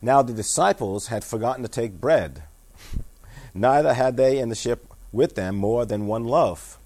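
A man's voice: medium pitch, lively intonation, unhurried, darkish tone. A man giving a sermon, reading scripture aloud, explaining it in everyday words, and asking his listeners questions. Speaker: pastor.

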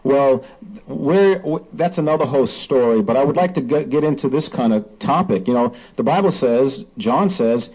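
Male host, animated and emphatic, a bit husky, muffled lo-fi sound. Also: mid-range voice. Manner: animated, emphatic, quotes scripture slowly. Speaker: host of a Bible discussion. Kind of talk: casual religious discussion. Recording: dull lo-fi recording.

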